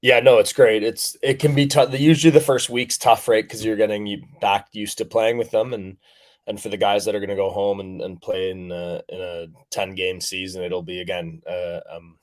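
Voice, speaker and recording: Young male athlete from Canada, deep voice, loose filler-heavy interview talk. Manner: rambling, many fillers and restarts. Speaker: professional rugby player guest. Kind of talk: casual interview chat.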